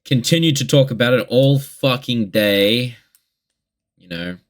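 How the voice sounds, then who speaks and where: A man's voice: mid-range voice, expressive, unhurried. A young man in a casual confessional vlog monologue, rambling and candid with heavy swearing. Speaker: vlogger.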